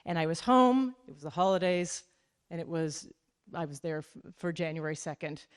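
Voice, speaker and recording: Animated woman telling a funny story. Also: on the low side, moderate pace, smooth. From Calgary, Canada. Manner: animated, self-deprecating, acts out dialogue. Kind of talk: live comedic storytelling. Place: stage at a cultural center with a live audience.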